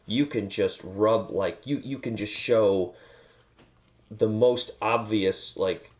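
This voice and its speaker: A man's voice: on the low side, slow. A man chatting casually while he works, joking crudely and rambling to a friend. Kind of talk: casual chat while working.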